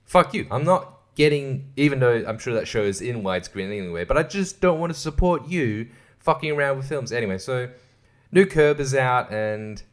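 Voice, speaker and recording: Male podcast host, mid-pitched, foul-mouthed ranter who laughs at his own points. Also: animated, normal speed. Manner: profane, ranting, laughs often; drops to hushed asides. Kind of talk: solo podcast rant.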